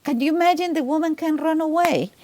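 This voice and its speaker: A woman with a foreign accent telling stories in a casual podcast chat. She talks in an animated way, with sudden pitch jumps and frequent laughs. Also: fast talker. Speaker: medium and tarot reader, guest.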